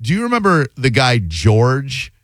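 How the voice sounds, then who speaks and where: A man's voice: medium pitch, huge pitch swings, unhurried, a bit bright, no room sound. A man hosting a sports talk radio show, chatting loosely and rambling, often restarting his words. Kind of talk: casual radio banter.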